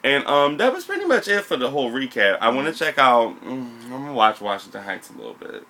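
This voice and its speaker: A young man co-hosting a casual reality TV recap, gossiping in an animated, exclaiming way. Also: medium pitch, brisk. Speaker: co-host.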